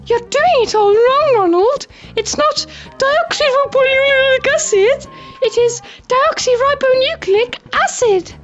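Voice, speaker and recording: A man doing a shrill bossy schoolgirl. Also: unhurried, a bit bright. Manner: scolding, lecturing, very high-pitched. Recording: dull lo-fi audio with faint music.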